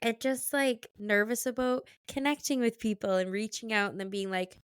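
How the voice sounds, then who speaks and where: A woman's voice: fairly high pitch, steady tone, moderate pace, clear, resonant tone, no echo, clean studio sound. A young woman hosting a podcast interview, talking candidly and chattily, full of "like" fillers and easy laughs. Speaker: podcast host. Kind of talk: casual conversational interview.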